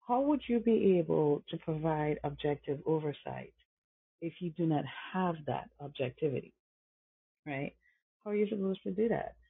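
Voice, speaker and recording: A man's voice: fairly high pitch, lively intonation, moderate pace, creaky, slightly rough. A man hosting a podcast, giving impassioned commentary with emphatic repetition and rhetorical questions. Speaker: podcast host. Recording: tinny phone-like line.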